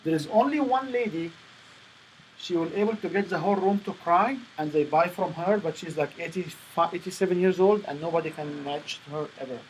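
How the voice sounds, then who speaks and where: Man coaching with halting non-native phrasing. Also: fairly high pitch, a little hiss or hum, poor audio. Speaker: presentation coach. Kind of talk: coaching session.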